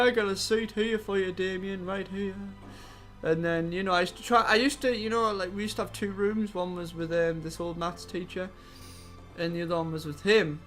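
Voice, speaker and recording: Young male vlogger, high-pitched, swearing storyteller. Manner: rambling, profane, animated when angry. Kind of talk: casual storytelling.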